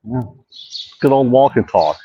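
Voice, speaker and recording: A man's voice: mid-range voice, animated, unhurried, muffled recording, slight background noise. A man hosting a casual walk-and-talk vlog outdoors, rambling, swearing a lot and mocking himself. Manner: rambling, profane, self-mocking. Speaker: host. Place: outdoor park.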